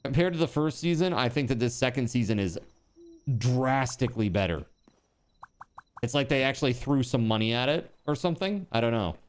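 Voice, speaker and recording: A man's voice: mid-range voice, animated, a little fast, smooth. A man streaming a building game, chatting casually and answering his chat aloud.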